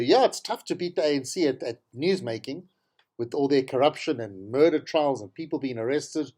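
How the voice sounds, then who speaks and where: A man's voice: medium pitch, animated, moderate pace, warm tone. A man with a South African accent hosting a talk show, giving an exasperated, sarcastic commentary on politics and repeating himself for emphasis. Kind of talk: opinionated political commentary monologue.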